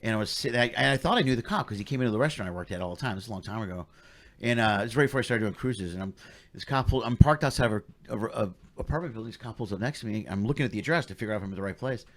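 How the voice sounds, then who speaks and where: Male podcast host, rapid and lively, acts out quotes in stories. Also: lowish voice. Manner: fast, excited, acts out shouted quotes. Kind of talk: casual chat, animated storytelling.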